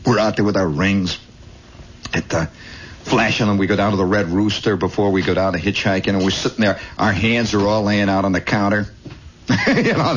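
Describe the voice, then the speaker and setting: A man hosting a radio show, telling a long improvised story with many asides, shifting between hushed and excited, on an old lo-fi recording. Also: fairly low pitch, husky. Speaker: radio host. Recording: dull lo-fi 1960s radio.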